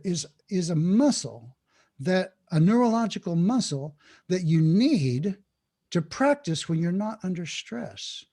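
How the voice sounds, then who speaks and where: A man, a podcast guest, explaining mindfulness in an animated way and acting out inner thoughts. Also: high-pitched, measured pace. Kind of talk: podcast interview talk.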